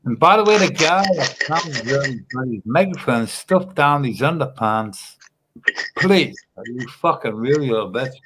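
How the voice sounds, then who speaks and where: On a livestream panel, a man talks into a studio microphone from his home webcam setup, rambling and cheekily teasing the others in casual chat. His pitch is medium and his intonation lively, his pace measured, with noise in the background.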